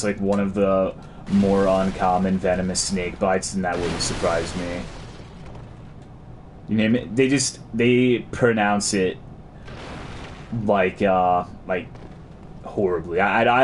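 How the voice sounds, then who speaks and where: A man's voice: low voice, a little hiss or hum. A man streaming a game, chatting casually and crudely as he reads and answers his chat.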